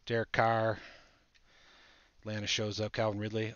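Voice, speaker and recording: A man hosting a live trading-card break, chatting excitedly with viewers as he opens packs. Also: on the low side, brisk, dry recording. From Buffalo area, United States. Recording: dull lo-fi audio.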